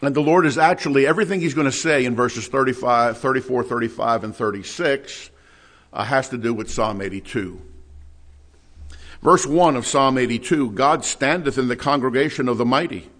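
A man's voice: mid-range voice, normal speed, a bit bright. A man preaching an expository Bible sermon, reading scripture aloud and asking rhetorical questions with rising emphasis.

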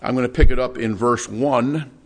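Man, preacher, expository sermon, rhetorical questions, mid pitch. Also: fairly even intonation, moderate pace. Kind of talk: Bible teaching sermon.

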